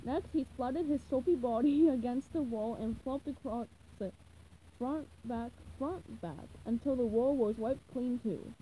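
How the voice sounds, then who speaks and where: A woman reads a children's storybook aloud, lively and expressive. Her voice is fairly high and mellow. Her pitch rises and falls a lot, with a faint hiss behind her. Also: measured pace, poor audio. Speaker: reader. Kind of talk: storybook reading.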